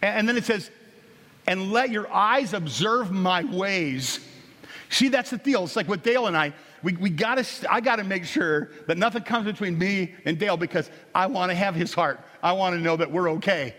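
A middle-aged man preaches in a relaxed, folksy manner, stumbling over restarts as he tells a family story. His voice sits a little high for a man. The sanctuary adds a long, trailing reverb. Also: normal speed. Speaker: pastor. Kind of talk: sermon. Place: church sanctuary.

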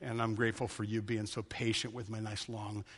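A man preaching to his church, telling stories in a conversational way that shifts from lively to hushed and earnest. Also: on the low side, brisk, slightly rough, big-room sound. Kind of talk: sermon.

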